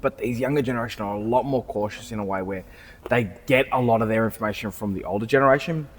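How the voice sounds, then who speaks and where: A man's voice: fairly low pitch, quick pace, long reverb tail. A man, a car salesman and podcast co-host, chatting casually in a rambling way with frequent restarts and casual swearing. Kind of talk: casual chat. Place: car showroom.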